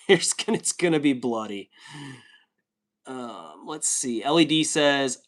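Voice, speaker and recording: A man's voice: mid-range voice, animated, takes it slowly, long pauses. Male streamer in his thirties, from the US, easygoing and jokey, casual chat register. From United States. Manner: chatty, laid-back, joking, reads comments aloud. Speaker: livestreamer reading chat.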